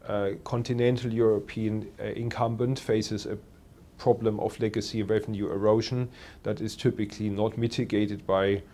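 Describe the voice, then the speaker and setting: A man working as a telecoms analyst, answering interview questions in a measured way with many pauses and fillers. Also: lowish voice, little pitch movement, mellow.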